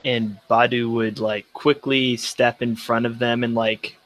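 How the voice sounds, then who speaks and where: A man's voice: mid-range voice, flat delivery, unhurried. A man playing a tabletop game, rambling and hedging as he explains his moves. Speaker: player. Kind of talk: casual tabletop game play.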